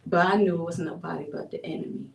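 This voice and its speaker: A woman from Buffalo, New York sharing a personal testimony as an interview guest, telling her story in an animated way with frequent laughs. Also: lowish voice, fast talker, creaky, dull audio. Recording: roomy sound from a distant mic.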